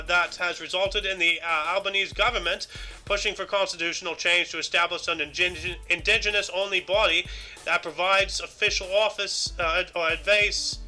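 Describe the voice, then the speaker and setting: A man's voice: high-pitched, bright, forceful tone. A man co-hosting a casual news-commentary podcast, rambling with lots of "you know" and "like" fillers. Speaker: podcast co-host.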